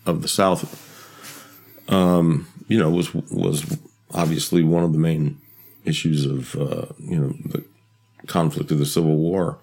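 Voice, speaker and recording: A man co-hosting a podcast, telling a story in casual chat, halting and searching for words. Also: extremely low pitch, fairly even intonation, darkish tone. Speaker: podcast co-host.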